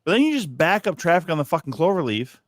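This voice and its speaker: A man's voice: on the high side, big pitch swings, quick pace, no room sound, clean studio sound. A man, co-hosting a casual live stream and ranting about traffic with heavy swearing. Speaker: podcast co-host. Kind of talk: profane casual chat. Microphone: video call.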